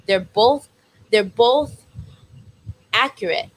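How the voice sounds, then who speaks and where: Fields: Sex: woman. Role: podcast co-host. Style: emotional casual chat. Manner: animated, acts out quoted dialogue. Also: on the high side, takes it slowly, breathy edge, poor audio.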